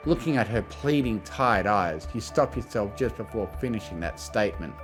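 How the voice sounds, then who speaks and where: A man narrating a fan fiction audiobook in a measured, expressive storytelling manner. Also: fairly low pitch, faint music behind.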